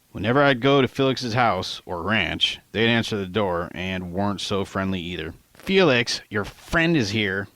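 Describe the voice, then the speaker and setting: A man narrates his own novel in a casual, conversational way, with slang slipping in. His voice sits fairly low. The recording is close and dry, with no room sound. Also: a bit bright, dry recording. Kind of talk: audiobook narration.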